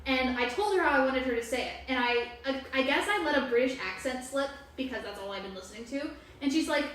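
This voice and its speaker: A woman running a tabletop game, chatting with excitement and quick to laugh. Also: high voice, very echoey, far from the mic, slight background noise. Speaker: game master. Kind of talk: casual chat at a tabletop game.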